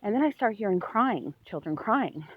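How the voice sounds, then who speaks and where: Husky woman rambling through a dream story. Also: medium pitch, normal speed, no room sound. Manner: rambling, animated storytelling full of "like". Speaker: vlogger. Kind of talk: walk-and-talk dream retelling. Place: outdoors on a street while walking. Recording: dull lo-fi recording.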